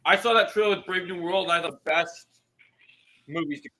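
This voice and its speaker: A man's voice: sits high, a little fast, pushed and bright, rough recording. A man hosting a casual live stream, answering chat in an easygoing way.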